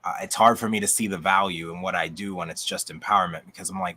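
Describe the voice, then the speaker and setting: A man's voice: low voice, fairly even intonation, fast talker, bright, forceful tone, a little hiss or hum. A man, a coach, chatting enthusiastically on a group video call, his voice going out. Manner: upbeat, enthusiastic, rambling with restarts. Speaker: coach, channel guest.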